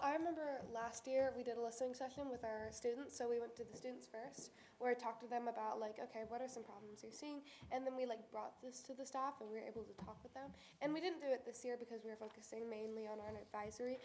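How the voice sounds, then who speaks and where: A woman's voice: on the high side, steady tone, quick pace, hardly any pauses, a little mellow, slight background noise. A woman student on a school board meeting panel. She talks with a lot of filler words. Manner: lots of "like" fillers. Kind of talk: meeting discussion.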